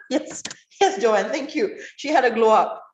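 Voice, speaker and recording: A woman teaching an online writing class, questioning students and praising their answers in a lively way. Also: on the high side, takes it slowly. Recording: roomy, dull online class audio.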